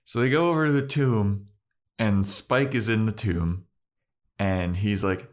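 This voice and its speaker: A man co-hosting a relaxed podcast with a low-pitched voice. He retells scenes in a loose, rambling way, full of fillers and quick character voices. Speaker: podcast co-host. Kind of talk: casual TV episode recap chat.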